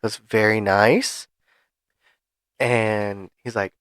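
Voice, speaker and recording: A podcast co-host tells a rambling story in casual conversation, restarting his sentences often. His mid-range voice is fairly bright and moderately paced, captured in a dry, clean studio recording.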